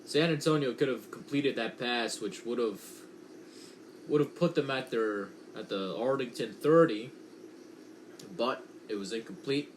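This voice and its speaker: A young man calls a football game from home in a slow, unhurried way, stopping to correct himself and make chatty asides. His voice sits at an ordinary middle pitch. A faint hum of room noise sits under the recording. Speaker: amateur play-by-play commentator. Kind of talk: casual watch-along commentary.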